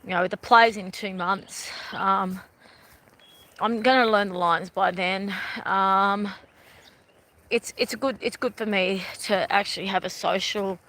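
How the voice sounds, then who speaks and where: A woman's voice: medium pitch, fairly even intonation, unhurried, a bit bright. A middle-aged Australian woman chatting casually on a live stream while she walks outdoors by a river, rambling and often laughing. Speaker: vlogger.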